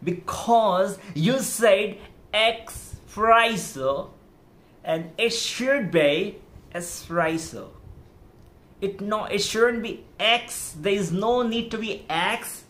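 Slow, emphatic man lecturing. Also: high-pitched, fairly bright tone. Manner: emphatic, repetitive, exhorting. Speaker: English-speaking coach and podcast host. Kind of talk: motivational lecture on pronunciation.

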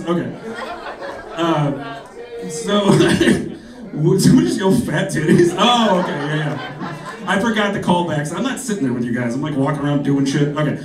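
A man on a comedy club stage tells loose, rambling stories, laughing along and slipping into voices for his characters. His voice is fairly high and swings widely in pitch. It sounds roomy and picked up from some distance, with audience laughter around it. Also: sing-song, normal speed. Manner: rambling storytelling with frequent laughs and mimicked voices. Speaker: stand-up comedian. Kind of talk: stand-up set. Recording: echoey club, mic heard from a distance, crowd laughter.

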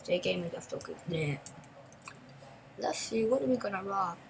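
A woman hosting a gaming channel, giving chatty, excitable gameplay commentary in broken English and repeating phrases. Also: mid-range voice, normal speed, creaky, slight background noise, poor audio.

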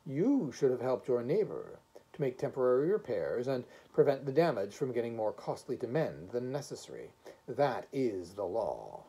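A man reading aloud, voicing a tall male house inspector who speaks in a measured, officious way. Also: mid-range voice, big pitch swings, mellow, breathy edge. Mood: stern.

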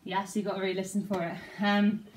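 A woman's voice: mid-range voice, little pitch movement, quick pace, roomy sound, distant mic, background noise. A young woman teaching a dance routine at home, counting and scatting the moves aloud. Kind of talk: talking through a dance routine. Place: top-floor flat.

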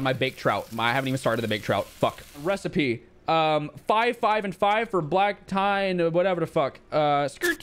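A young man commentating his own gameplay live, joking, swearing and breaking into high panicked yelps. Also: brisk, faint music behind. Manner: frantic, swings from mock-calm to high panicked yelps, swears a lot. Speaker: streamer.

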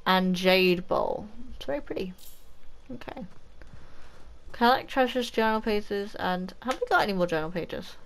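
Woman, let's play commentary, chatty and excitable, very lively pitch, faint noise behind. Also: measured pace, gravelly, long pauses. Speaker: gaming channel host.

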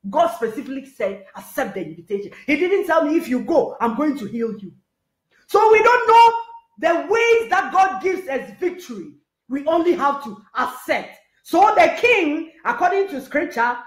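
Woman preacher, high voice, fervent sermon, shouts rallying calls, echoey room. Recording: echoey hall.

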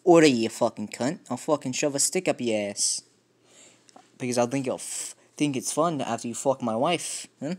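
A man's voice: mid-range voice, normal speed, natural voice. A foul-mouthed Scottish-Irish brute, voiced by a man doing a shaky accent, furious and threatening. Every line comes out as a snarling curse. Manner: cursing, threatening.

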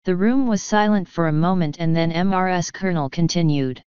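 A woman reading an audiobook in calm, even, scripted narration. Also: fairly low pitch, a little fast, few pauses, clear, resonant tone, no echo. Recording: dull lo-fi sound.

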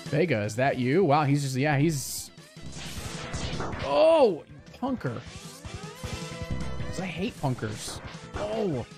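A man's voice: a little high, expressive, slow, pauses often, over music. A man chatting casually with viewers during a game livestream, reacting to gameplay and reading chat aloud. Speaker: game streamer.

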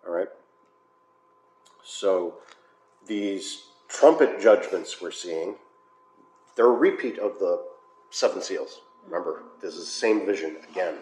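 Low-voiced American pastor in echoey hall. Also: male voice, slow pace, long pauses, darkish tone. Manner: conversational, with filler uhs and wry asides. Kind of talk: bible study teaching. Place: church hall. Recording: echoey room, faint noise.

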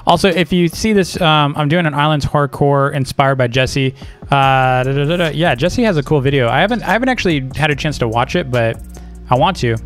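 A young man hosting a casual video, reading out fan messages and replying in a playful, animated way. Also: a little fast, faint music behind. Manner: playful, animated, reads messages aloud in a higher voice. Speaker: YouTuber host.

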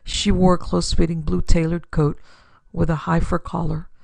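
A woman host giving a steady, scripted narration of a pulp detective story. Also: on the low side, normal speed, creaky, no room sound.

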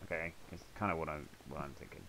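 A man's voice: very deep voice, steady tone, fast talker, creaky, background noise. A man swearing and joking his way through a video game. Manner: sweary, jokey running commentary. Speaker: gamer. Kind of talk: let's play commentary.

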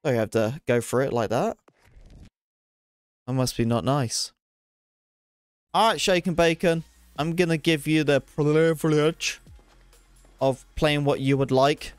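A man's voice: a little high, measured pace, long pauses, clear, resonant tone, dry recording, faint music behind. A man streaming a shooter game, chatting casually and rambling, poking fun at his own play. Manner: chatty, rambling, self-deprecating, excitable. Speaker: gaming streamer. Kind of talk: casual gameplay commentary.

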